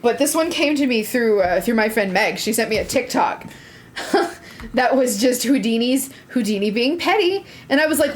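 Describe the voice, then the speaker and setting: A woman's voice: on the high side, expressive, slight background noise. A woman co-hosting a podcast and presenting the topic, casual and profane, often restarting her sentences. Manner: halting, many restarts, profane. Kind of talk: casual chat.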